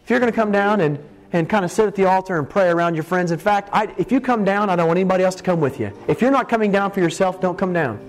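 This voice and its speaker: A man's voice: sits high, fast. Impassioned young man preaching an altar call. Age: 20s. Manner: impassioned, pleading, swings between hushed and urgent.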